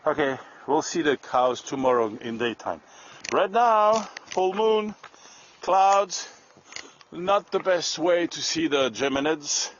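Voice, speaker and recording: Guy rambling slow on a night walk, muffled lo-fi sound. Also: on the high side, animated, a little hiss or hum. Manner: chatty, joking, talks to his dog. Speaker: live-stream host. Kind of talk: casual night-walk livestream. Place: outdoors at night on a country road.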